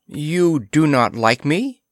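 A man's voice: on the high side, lively intonation, slow, no room sound, clean studio sound, voice pushed up. A man reading a pulp sci-fi story aloud, voicing a young alien princess who speaks in a formal, stilted way. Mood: puzzled. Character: earnest alien princess, young woman, direct.

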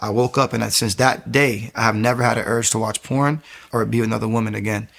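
A young man giving an emotional personal testimony as an interview guest, telling his story in an animated way and repeating phrases for emphasis. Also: on the low side, quick pace, gravelly.

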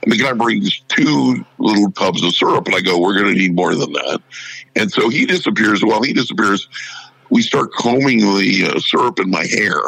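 A man's voice: fairly low pitch, moderate pace, gravelly, dry recording, poor audio. A middle-aged man casually telling a long anecdote and acting out the voices of the people in it. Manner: animated anecdote teller who acts out quoted voices. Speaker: radio show personality. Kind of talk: casual storytelling.

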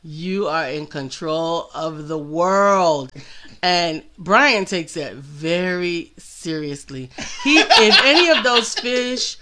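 A woman's voice: on the low side, lively intonation, slow, sharp tone, a little hiss or hum. A woman co-hosting a casual live online show, reading out viewer comments and playfully teasing her co-host.

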